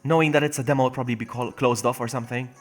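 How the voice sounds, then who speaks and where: A man's voice: medium pitch, steady tone, rapid-fire, faint music behind. A young man casually commentating a video game stream on a phone, chatty and jokey, laughing often and reading game text aloud. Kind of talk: casual let's-play commentary.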